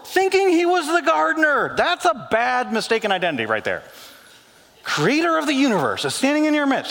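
Man, pastor, sermon, fairly high voice, joking and animated, church hall echo. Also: a little fast. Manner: animated and joking, voice dropping low for quoted lines. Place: church sanctuary. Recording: long hall reverb.

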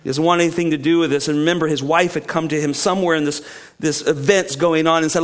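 A man preaching a sermon, reading scripture aloud and then explaining it with emphatic questions to his listeners, sometimes hushed and sometimes raised. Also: on the high side, fairly even intonation, quick pace. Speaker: pastor.

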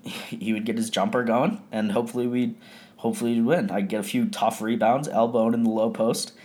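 Young new guy rambling thru a story, swears a lot, lotsa likes and ums, lowish voice. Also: darkish tone. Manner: loose, profane, rambling with many fillers. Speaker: podcast host. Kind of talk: casual storytelling monologue.

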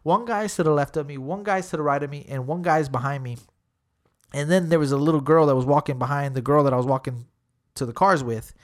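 Profane, excitable man telling a story. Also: a little high, a little fast. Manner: heavy swearing, fillers like "literally" and "dude"; animated retelling, acting out quotes. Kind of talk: casual storytelling chat.

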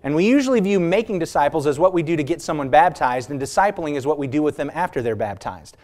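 Male preacher, slightly higher voice, emphatic sermon delivery with drawn-out key phrases and rhetorical questions. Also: lively intonation, a little mellow. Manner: emphatic, stretches key words slowly and rises in pitch for stress; asks the congregation rhetorical questions.

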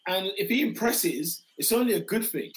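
A man, hoarse after losing his voice, hosting a casual football chat with emphatic, repeated phrases. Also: high voice, normal speed, slight background noise, poor audio. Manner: animated, interjecting, emphatic repetitions. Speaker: podcast host.

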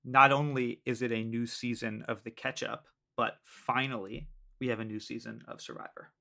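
Gravelly, bright-voiced man bantering. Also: mid-range voice, lively intonation, normal speed. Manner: playful, self-mocking banter. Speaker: podcast co-host. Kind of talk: casual chat.

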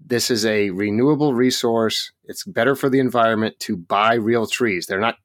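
A man co-hosting a podcast in casual chat, opinionated and ranting with quick jokes. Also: lowish voice, dry recording, clean studio sound. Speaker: podcast co-host.

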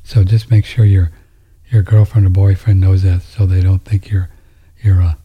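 Male host, low husky tone, loose rambling delivery with hushed asides. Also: level tone, moderate pace, dull audio. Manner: rambling, with frequent restarts and drops into near-whispers. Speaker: host answering viewer questions. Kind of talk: casual monologue.

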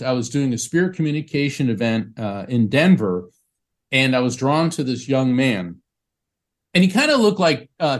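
Man telling a story, acting out the quotes. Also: medium pitch. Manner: animated storyteller who acts out quoted speech. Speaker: guest psychic medium. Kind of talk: storytelling in a talk show interview.

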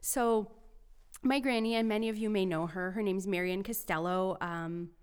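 A woman's voice: medium pitch, moderate pace, darkish tone, clean tone. A woman co-hosting a youth faith podcast. She chats casually and tells personal stories, dropping "like" and "you know" all through. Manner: chatty, fills speech with "like" and "you know".

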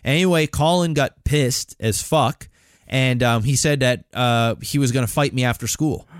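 A man's voice: mid-range voice, normal speed, smooth, dry recording, clean studio sound. A man co-hosting a podcast, telling a long childhood story in a rambling, profane, casual way. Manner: rambling, profane, animated when excited. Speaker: podcast co-host.

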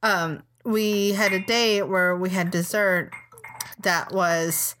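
A woman's voice: medium pitch, fairly even intonation, slow, fairly bright tone, slight background noise. A woman co-hosting a casual podcast, joking and laughing through the conversation. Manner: playful, laughs, jokey asides. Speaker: podcast co-host. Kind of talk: casual chat.

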